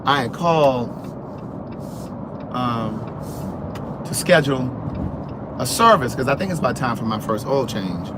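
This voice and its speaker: A man vlogging from his car, chatting in an animated, sassy way and answering comments, sounding sleepy. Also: mid-range voice, measured pace, pauses often. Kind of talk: casual chat while driving. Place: in a car on the road. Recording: car road noise. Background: road noise.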